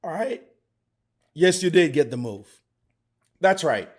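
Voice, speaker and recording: A middle-aged man teaching chess, excitable and theatrical, talking straight to the viewer. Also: a little high, takes it slowly, pauses often. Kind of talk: animated chess commentary.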